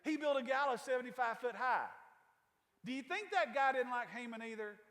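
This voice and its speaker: A male pastor preaches a sermon in a folksy, conversational way, full of casual asides to the congregation. His voice is pitched very high for a man. A long reverb from the church sanctuary trails his words. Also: brisk, fairly bright tone.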